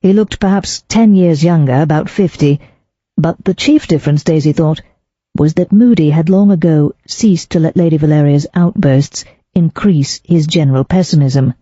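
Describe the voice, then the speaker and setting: An audiobook narrator reading a mystery novel in a measured, even way. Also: medium pitch, no room sound, dull audio. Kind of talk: scripted narration.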